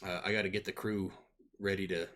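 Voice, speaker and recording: A man playing an easygoing sailor who used to run the ship, speaking in a low voice with quick, offhand delivery. He sounds like the narrator's own voice, only brisker. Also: level tone, fairly bright tone.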